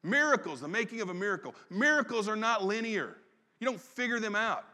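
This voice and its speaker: A man preaching a sermon as pastor, folksy and conversational with quick asides. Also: high-pitched, lively intonation, bright, forceful tone. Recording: long reverb in a large hall.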